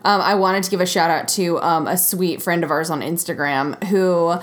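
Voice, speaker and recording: Expressive woman co-hosting a podcast. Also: normal speed. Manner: expressive, slangy, swings pitch for emphasis. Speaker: podcast co-host. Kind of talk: casual chat.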